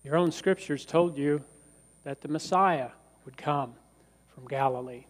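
A man's voice: a little high, a little slow, long reverb tail. A male pastor preaching a sermon in a church, emphatic and acting out quoted lines.

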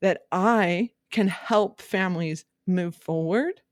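A woman's voice: on the low side, slow, dry recording, clean studio sound. A woman real estate agent talking candidly in a podcast monologue, emphatic, direct and emotional.

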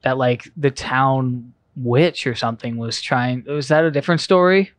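A man's voice: medium pitch, moderate pace, no room sound. A man hosting a casual conversation, eager and loose, prompting his guest for another story. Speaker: podcast host. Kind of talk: casual chat.

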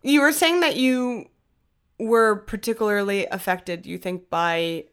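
A woman co-hosting a casual book podcast, chatty and quick to laugh, asking her co-host questions. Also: mid-range voice, a bit bright, smooth.

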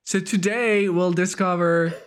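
A man's voice: high-pitched, fairly even intonation, measured pace. Upbeat man with a French accent. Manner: upbeat, laughs easily. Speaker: podcast host. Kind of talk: casual podcast chat.

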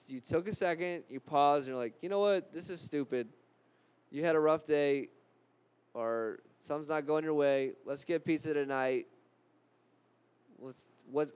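A man giving an animated anger-management talk to a live group, repeating key points and joking at his own expense. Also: on the high side, clear, resonant tone, low-quality recording.

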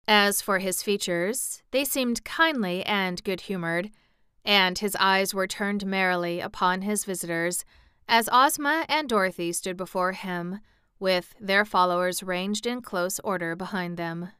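A woman narrating a storybook in a gentle, measured audiobook reading. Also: medium pitch, smooth, no room sound, clean studio sound.

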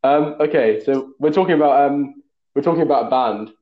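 Jokey young host, roomy sound. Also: male voice, medium pitch. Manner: jokey and teasing, quick to laugh. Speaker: podcast host. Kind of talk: casual chat. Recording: roomy, dull-sounding recording.

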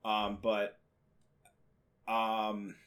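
Low-voiced young man, hesitant storyteller. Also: monotone, extremely slow, a bit bright, smooth. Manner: hesitant, many fillers. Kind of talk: casual storytelling chat.

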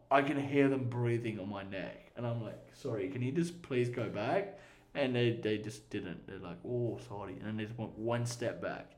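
A laid-back male podcast host talks crudely and swears his way through casual stories. His voice sits mid-range, and the room around him rings with echo. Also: medium pitch. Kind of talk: casual chat. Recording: echoey room.

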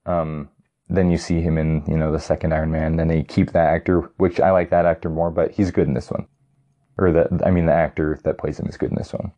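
Young adult male, casual fan commentary, low mellow voice, rambling and eager, lots of "like" and "you know". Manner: rambling and enthusiastic, many fillers and restarts. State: getting tired. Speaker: vlogger ranking movies. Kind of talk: casual chat.

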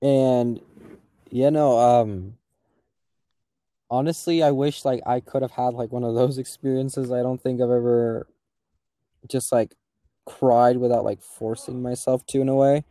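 A man speaking as a podcast guest in casual chat, halting and searching for words. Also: mid-range voice, fairly even intonation, dark tone, dry recording.

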